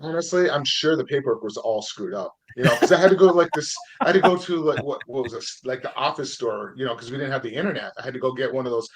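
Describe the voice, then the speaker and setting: A man's voice: mid-range voice, quick pace, few pauses. A middle-aged man from Vermont hosting a podcast, telling a story casually and acting out both sides of old phone calls. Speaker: podcast host. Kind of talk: podcast interview.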